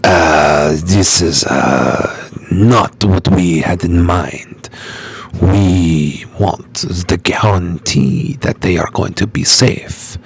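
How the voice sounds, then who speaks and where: A man voicing a grave, dramatic soap-opera speaker with a put-on Spanish accent, slow and hushed. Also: deep voice, creaky, breathy edge, pitched below the performer's own voice, full character voice. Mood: brooding.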